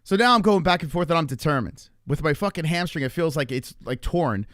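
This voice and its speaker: A man in his forties telling a long story to his stream chat in a rambling, profane, animated way. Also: on the high side, fairly quick, no echo, clean studio sound. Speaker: live streamer.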